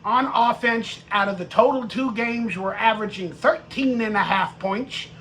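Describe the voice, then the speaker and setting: A male sports stream host rants in a bright, forceful voice, mocking and swearing, with sudden shouted bursts. A faint hiss runs under the recording. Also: high voice, moderate pace. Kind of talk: live-stream fan rant.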